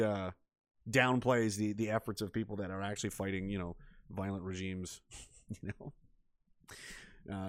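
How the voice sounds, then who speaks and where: A man's voice: on the low side, no echo, clean studio sound. A man ranting sarcastically and with heavy swearing as he comments on news stories during a live stream. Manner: profane, sarcastic, mocking.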